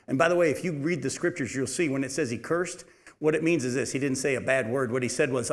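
A man teaching a Bible study in an animated, emphatic way. He asks the audience questions and answers them himself. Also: medium pitch, a little fast. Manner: animated, emphatic preaching with sudden loud rises and quiet drops.

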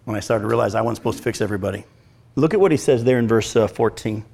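A pastor preaches a sermon in a lowish, creaky voice at a racing pace. He's animated, acting out lines of scripture and asking his congregation questions as he talks with them.

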